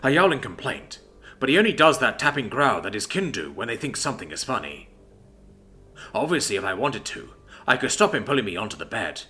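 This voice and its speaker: A man narrating a first-person story in an expressive storytelling manner. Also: mid-range voice, fairly quick.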